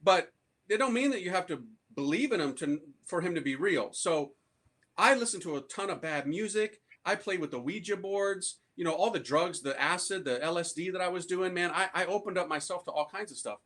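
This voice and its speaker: A priest from the United States tells his conversion story to a live audience in a loose, slangy, animated way. His voice sits a little high for a man and rings bright and forceful. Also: brisk. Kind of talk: conversion testimony talk to an audience.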